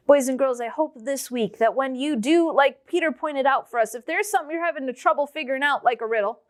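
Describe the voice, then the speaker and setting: A woman teaching children's church, telling a Bible story in an animated way and speaking directly to the children. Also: high voice, fairly quick. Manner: animated, addresses the kids directly.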